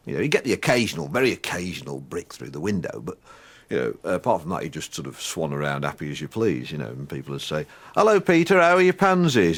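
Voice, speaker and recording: A man's voice: sits low, exaggerated voice. An actor playing a blustering middle-aged Englishman in anger therapy, rambling and hesitant with crude asides. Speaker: anger management group member. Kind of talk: sitcom acting.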